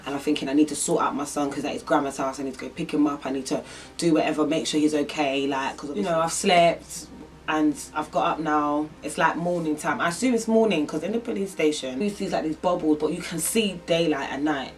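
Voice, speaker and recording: A woman's voice: deep voice, fairly quick, recorded from a distance. A young woman telling a personal story in a vlog, rambling and emotional with lots of fillers. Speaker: vlogger.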